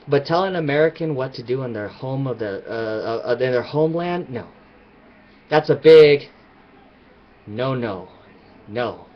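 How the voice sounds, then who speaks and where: Emphatic man ranting on a lo-fi mic. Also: mid-range voice. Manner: emphatic, rambling. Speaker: vlogger. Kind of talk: casual opinion rant to camera.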